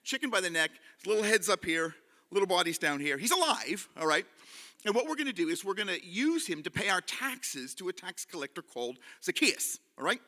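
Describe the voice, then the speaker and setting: Animated male storyteller in a reverberant hall. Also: high-pitched, brisk. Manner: animated, leads audience call-and-response. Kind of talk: live participatory storytelling. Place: live event hall with audience.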